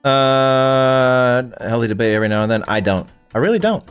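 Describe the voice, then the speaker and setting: A man's voice: mid-range voice, lively intonation, normal speed, clean tone. Young male streamer from Canada, swears freely, answers chat, voice swings up and down, faint music under him. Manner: profane, rambling, talks back to chat. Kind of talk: casual livestream chat with viewers.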